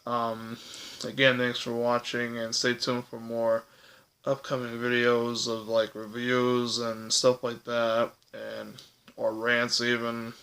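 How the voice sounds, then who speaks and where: Hesitant young man, gravelly and flat. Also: medium pitch, low-quality recording. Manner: hesitant, many fillers, earnest. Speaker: vlogger. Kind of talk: personal vlog talk to camera.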